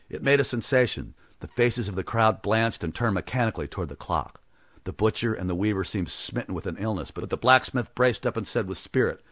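A man narrating a story as an audiobook, with expressive storytelling. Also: fairly low pitch, normal speed, dry recording, studio quality.

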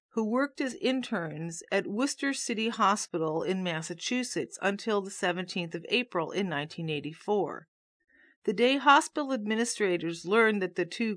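A woman's voice: medium pitch, no echo. Woman reading a book aloud, dry sound. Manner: steady, measured reading. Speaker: reader of a nonfiction book.

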